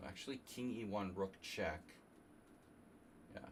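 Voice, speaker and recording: A man from New Jersey streaming a chess simul, thinking aloud in a halting, casual way and coughing now and then. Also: lowish voice, a little hiss or hum. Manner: halting, muttering through chess moves with fillers.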